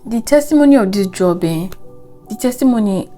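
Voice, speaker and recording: A woman's voice: medium pitch, expressive, a little fast, warm tone, faint music behind. A young woman with a Nigerian accent giving a rambling, earnest life update, full of "you know" fillers. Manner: earnest and reflective, speaking of faith. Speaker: vlogger. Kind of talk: casual life update monologue.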